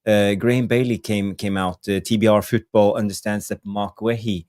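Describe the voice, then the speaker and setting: Brief: male co-host, relaxed, low voice, dry close sound. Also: normal speed, clean tone, no room sound. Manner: easygoing, laughs along, steers to the topic. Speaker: football show co-host. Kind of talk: casual chat.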